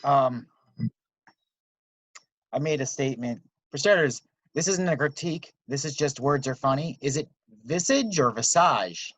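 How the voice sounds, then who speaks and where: A man's voice: mid-range voice, moderate pace, long pauses, no echo. A man hosting an online open mic, chatting casually and joking. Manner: relaxed, joking. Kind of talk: casual chat. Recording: dull, dry home call audio.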